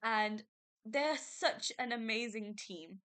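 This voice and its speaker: Bright, gushing young woman. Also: on the high side, takes it slowly, clean tone. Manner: gushing, excitable, many fillers and laughs. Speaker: podcast host. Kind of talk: casual book review chat.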